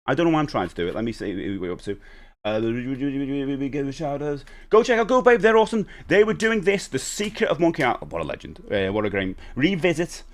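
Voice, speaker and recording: A middle-aged man from Liverpool with a Scouse accent, chatting in a rambling way while live-streaming a retro game and giving upbeat shout-outs to viewers. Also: medium pitch, big pitch swings, a little fast. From Liverpool, England. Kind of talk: casual live-stream chat.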